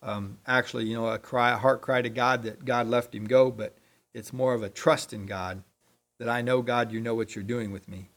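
Halting man preaching, clears throat often. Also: mid-range voice, fairly even intonation, fairly bright tone. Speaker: lay preacher. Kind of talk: unscripted sermon.

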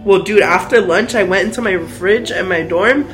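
A man's voice: sits high, normal speed. A young man, a podcast guest, telling casual stories full of slang and swearing. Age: young adult. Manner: slangy, swears, fills with "like" and "dude". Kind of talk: casual storytelling. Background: faint music.

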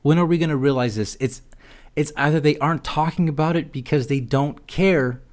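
A man's voice: a little high, a little fast. A man hosting a podcast alone, ranting about politics in a heated, sarcastic and profane way. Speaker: podcast host. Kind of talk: solo political rant.

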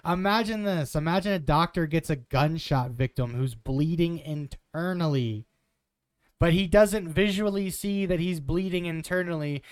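A man's voice: on the high side, normal speed, clean tone, no echo. A man in his twenties giving blunt, sarcastic political commentary with some swearing. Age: 20s.

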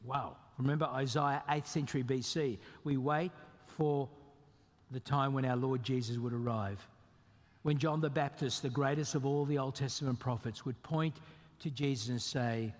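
A man preaching a sermon as pastor, emphatic and animated, with sudden jumps in pitch. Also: moderate pace. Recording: long reverb of a hall.

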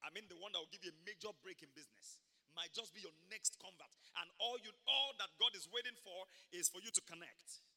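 A man pastor preaching a sermon at a church service, telling stories emphatically with sudden loud bursts. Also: high voice, brisk, in a large hall.

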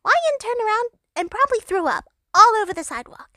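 Very high-voiced woman reading comic fanfiction. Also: big pitch swings, fairly quick, pushed and bright, no room sound. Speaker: narrator.

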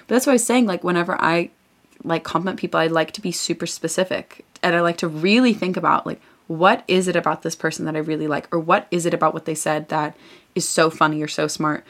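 A young woman with a fairly low voice co-hosts a relaxed podcast. She talks in an earnest, reflective way and leans hard on the ideas she cares about. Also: a little fast. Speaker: podcast co-host. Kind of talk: casual chat.

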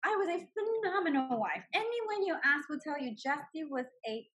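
A woman in her forties telling her personal story with animated emotion, laughing often. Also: high-pitched, moderate pace. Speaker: guest sharing her story. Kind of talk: personal testimony.

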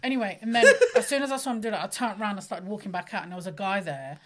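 Animated woman telling a story. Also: medium pitch, racing. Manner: animated storyteller, swears, lots of laughing. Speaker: comedian. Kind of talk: casual chat.

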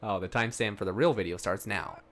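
A man co-hosting a casual movie podcast, trading quick teasing wisecracks. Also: on the low side, fairly bright tone. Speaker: podcast co-host. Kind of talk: casual banter.

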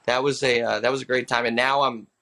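Gravelly and quick, with a medium pitch, this voice belongs to a comedian in his thirties. As an impressionist guest on an easygoing podcast, he tells stories with energy and performs the people he quotes.

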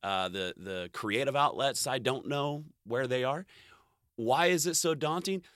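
Male vlogger, middle pitch, bright tone, casual rambling monologue, heavy swearing, frequent laughs. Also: a little slow, no echo, studio quality. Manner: profane, rambling, self-interrupting, laughs often.

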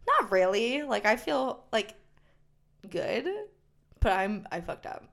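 A woman from New Jersey with a Jersey accent, co-hosting a podcast in casual, rambling chat while high and tipsy. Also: animated, slow, creaky, fairly bright tone. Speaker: podcast co-host.

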